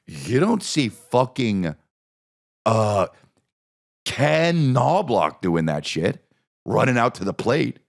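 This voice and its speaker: A low-pitched man with a gravelly edge hosts a podcast, delivering a loose comedic monologue a little slowly. He swears freely, rambles, and leans on repeated bits, his pitch swinging widely from line to line.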